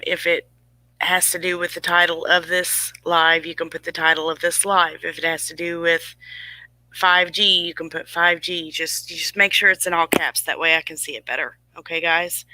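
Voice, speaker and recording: Livestream host, forties, rambling, emphatic, very bright tone, dry close sound. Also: medium pitch, no echo, poor audio. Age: 40s. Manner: rambling and emphatic, answers chat comments. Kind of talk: casual livestream talk to viewers.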